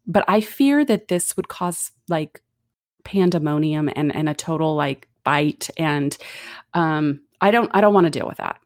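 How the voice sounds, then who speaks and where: A woman's voice: sits low, a little mellow, dry recording, studio quality. A middle-aged woman giving a conversational, earnest Bible teaching with casual asides.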